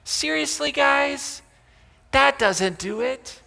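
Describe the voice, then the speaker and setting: A man's voice: high-pitched, lively intonation, unhurried, gravelly, pushed and bright, long reverb tail, heavily acted. A man voicing an exasperated, blunt male teacher who talks in a casual modern paraphrase.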